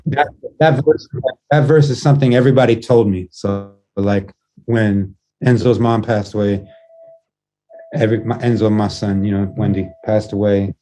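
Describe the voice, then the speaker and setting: A man sits in as a guest musician, talking in a casual, laid-back way. His voice is mellow and warm, his stories wander with frequent restarts, and he swears freely as he goes. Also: lowish voice, steady tone, moderate pace, low-quality recording. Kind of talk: casual interview chat.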